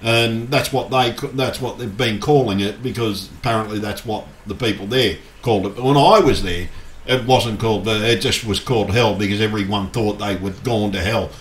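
A man's voice: fairly low pitch, normal speed. Furious swearing man ranting in an echoey room. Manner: swears constantly, angry and agitated. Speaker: YouTuber. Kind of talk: angry rant to camera.

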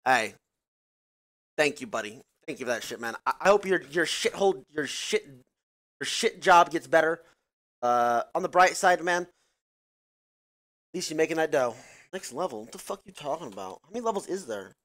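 A man streaming a game live, crude and brash, breaking into loud shouts between casual chat into a headset mic. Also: on the high side, animated, moderate pace, long pauses. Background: loud game music.

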